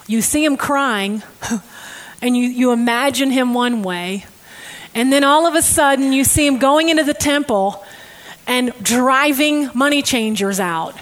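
Emotive woman preaching, fairly high voice. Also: a little slow, poor audio. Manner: emotive, swings from hushed to loud. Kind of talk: conversational sermon.

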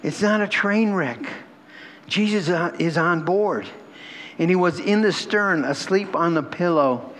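A man's voice: high voice, unhurried, a bit bright, a little hiss or hum. A man preaching a sermon to a congregation in a conversational, emotional way, often laughing and repeating himself. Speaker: pastor. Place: church hall with a congregation.

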